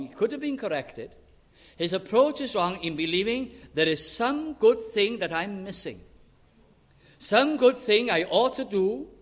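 An earnest man preaching with emphatic phrasing and long pauses. His voice sits fairly high for a man. The sound rings out with a long hall reverb. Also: a bit bright. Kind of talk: sermon.

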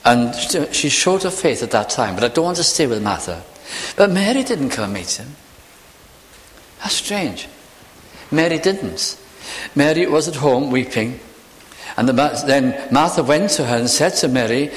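Male preacher, sermon delivery, lively pitch, slow weighty pauses, church hall reverb. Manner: expressive, varied delivery with slow emphatic pauses.

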